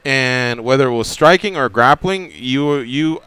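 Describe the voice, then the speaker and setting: A male radio host interviewing a fighter, laying out his points in a measured, explanatory way. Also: mid-range voice, sharp tone, clear, resonant tone, no room sound. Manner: measured, explanatory, careful framing.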